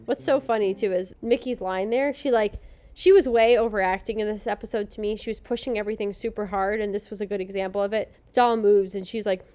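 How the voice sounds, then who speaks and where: A woman's voice: medium pitch, fairly even intonation, fast, a little mellow, soft background music. A woman co-hosting a podcast, giving a sarcastic, joking recap of a TV episode. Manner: sarcastic, snarky commentary. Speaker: podcast co-host.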